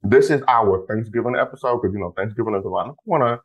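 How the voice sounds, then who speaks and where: A man in his twenties hosting a podcast, talking excitedly and casually with lots of exclamations. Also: on the low side, fast, muffled recording. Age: 20s. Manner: bubbly, animated, lots of exclamations. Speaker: podcast host.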